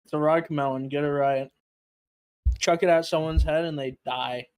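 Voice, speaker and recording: Young man, fairly high voice. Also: steady tone, normal speed, smooth. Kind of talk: casual chat on a stream.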